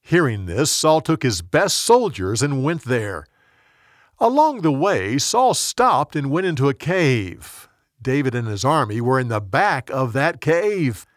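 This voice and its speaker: A man narrating a Bible story in a slow, expressive storytelling manner. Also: medium pitch, no room sound, studio quality.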